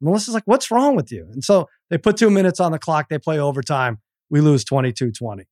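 A middle-aged man as podcast guest, telling his story with energy, stumbling over repeated words and acting out quotes. His voice sits a touch high for a man. The sound is close and dry, with no room echo. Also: fast talker. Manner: animated storyteller, stammers, acts out quotes. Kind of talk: casual chat, storytelling.

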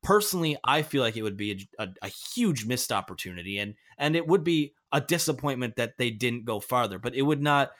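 A man's voice: mid-range voice, expressive, a little fast, hardly any pauses, fairly bright tone. A man hosting a casual sports talk show, giving earnest, emphatic opinions. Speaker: podcast host.

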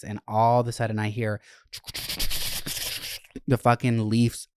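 A young man hosting a podcast, telling a casual story in a profane, animated, chatty way. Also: lowish voice, no echo, clean studio sound. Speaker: podcast host.

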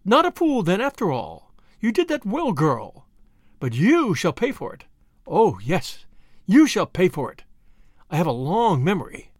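A man voicing a cold, menacing older woman villain who speaks in a sharp, imperious, scornful way. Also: sits high, huge pitch swings, measured pace, no room sound, clean studio sound, full character voice.

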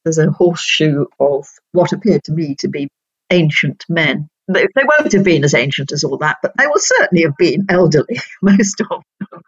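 An older woman from North Yorkshire, a retired judge, telling stories in an interview in a measured, precise way with frequent laughter. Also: low voice, expressive, husky, no room sound, highs cut off. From North Yorkshire, England. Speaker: guest, retired senior judge. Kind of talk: reflective interview storytelling.

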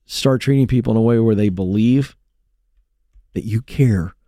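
A man's voice: fairly low pitch, moderate pace, dark tone, no room sound. A middle-aged man hosting a talk show, speaking in an emphatic, storytelling manner into a studio mic. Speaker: host.

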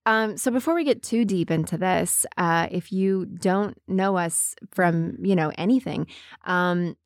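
Co-hosting a casual podcast, this woman has a slight Southern American accent and a lowish voice delivered at a measured pace. She tells stories in a giggly, animated way, laughing a lot and often restarting sentences. The studio sound is clean, with no echo.

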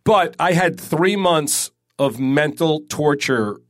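A man in his forties telling a personal story in a casual podcast chat, animated and swearing. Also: fairly high pitch, slow. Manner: animated, swears, acts out quotes.

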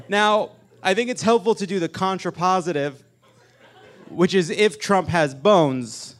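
A man hosting a live comedic political talk show on stage, joking and animated, with loud emphatic bursts. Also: sits high, slow pace, long pauses. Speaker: podcast host.

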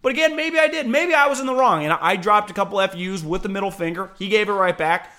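A man co-hosting a podcast, telling casual stories in an animated way with plenty of swearing. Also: sits high, fast talker. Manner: animated storytelling with profanity. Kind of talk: casual chat.

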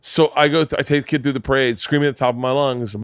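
A man's voice: medium pitch, very fast, no echo, studio quality. A man hosting a podcast, telling a rambling story with lots of swearing and acted-out voices. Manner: animated, profane, acts out voices and yells in stories. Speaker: podcast host. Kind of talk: casual chat, storytelling. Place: home studio man cave.

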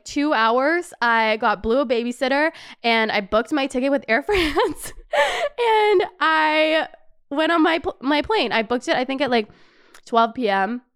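A young woman with a fairly high, very clear and smooth voice, chatting as a podcast host. She tells her stories casually, with lots of laughing and loose swearing along the way. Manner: animated, laughs often, swears freely. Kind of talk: casual storytelling.

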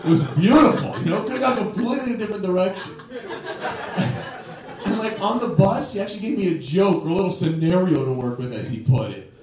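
A man's voice: high voice, lively intonation, a little fast, crowd noise. A young man from Toronto doing a stand-up set, rambling loosely and tagging lines with "right?" and "okay?". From Toronto, Canada. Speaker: stand-up comedian. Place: comedy club stage. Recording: live club recording, roomy and distant. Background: audience laughing.

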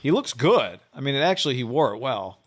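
A man joining in on a sports podcast with relaxed, joking banter. His voice sits at an ordinary middle pitch, and his remarks are quick and plainspoken. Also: breathy edge. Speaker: podcast co-host. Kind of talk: casual sports chat.

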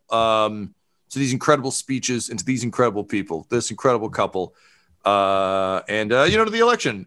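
A man's voice: medium pitch, fairly bright tone, close to an everyday voice. A man voicing a nervous, fawning male trade official who rambles and stammers.

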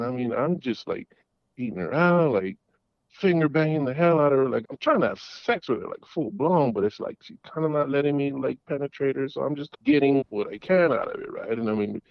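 A man's voice: medium pitch, vocal fry, no echo. A middle-aged man, calling in, tells a long story in a rambling way, with restarts and repeated words. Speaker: caller. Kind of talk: casual storytelling. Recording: dull lo-fi audio.

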